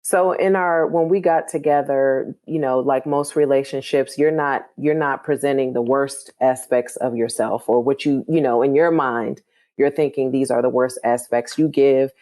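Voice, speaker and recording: An older woman who is a grandmother, answering interview questions in a measured, plain way as a podcast guest. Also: rumbling low, fairly even intonation, warm tone.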